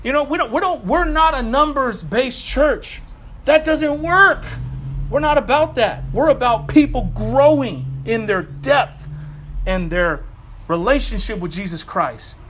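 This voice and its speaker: High-pitched guy preaching, fired up and chatty, pastor sermon vibes. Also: lively intonation, measured pace, fairly bright tone, slight background noise. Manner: fired-up, conversational preaching with asides.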